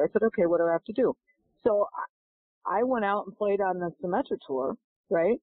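A woman's voice: mid-range voice, a little fast, no room sound. A middle-aged woman tells her story with energy and plays out each voice in the exchange. Her voice comes through a thin, phone-like line. The sound is close and dry. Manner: animated, acts out dialogue in her stories. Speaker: golf instructor and guest. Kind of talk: storytelling in a podcast interview.

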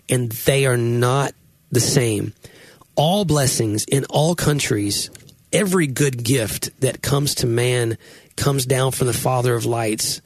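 A pastor talks through his thoughts on his podcast, earnest and reflective, often restarting his sentences. His voice has a husky edge. The sound is dry and close. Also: medium pitch, slow pace, no room sound. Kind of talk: casual podcast conversation.

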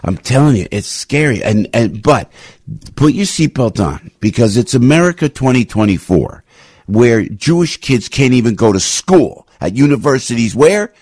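An older man hosting a radio talk show, telling anecdotes in an emphatic, repetitive, rambling way with sudden swings in pitch. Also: expressive, moderate pace, darkish tone, breathy edge, no echo, clean studio sound. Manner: emphatic, repetitive, restarts often. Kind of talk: rambling opinion monologue with anecdotes.

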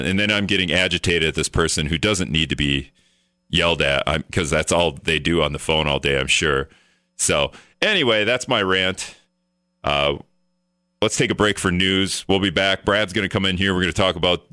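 A low-pitched man hosts a talk radio show from a dry studio. His tone is bright and crisp. He rants casually and acts out both sides of his phone calls. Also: no room sound. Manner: animated storyteller, mimics phone calls in a raised voice.

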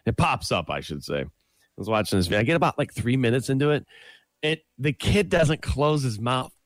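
Rambling, lively male radio co-host. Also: mid-range voice, a little fast, no echo. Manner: rambling, storytelling, laughs easily. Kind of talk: casual radio banter.

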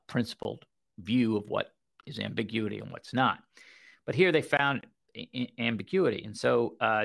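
A man's voice: fairly low pitch, vocal fry, fairly bright tone. A man giving casual legal commentary on a program, reading quoted passages aloud with frequent fillers and restarts, and a wry tone. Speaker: legal commentator on a radio show.

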